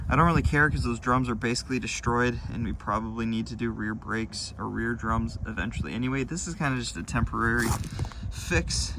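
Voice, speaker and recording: A man casually narrating his own do-it-yourself car work, rambling and thinking aloud with fillers. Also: medium pitch. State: out of breath at times. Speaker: DIY car vlogger. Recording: loud background noise.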